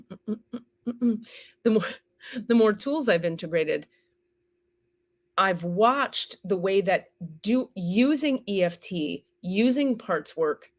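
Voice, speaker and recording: A woman teaching on a live stream in a candid, casual way, swearing freely and acting out the inner voices she describes. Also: fairly low pitch. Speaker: spiritual teacher and healer.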